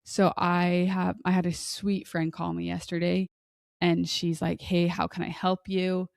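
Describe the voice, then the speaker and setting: Rambly podcast lady in her 30s, bit gravelly, dry close sound. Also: fairly low pitch, little pitch movement, a little slow, dry recording. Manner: chatty, rambling storyteller. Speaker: podcast co-host. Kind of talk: casual chat.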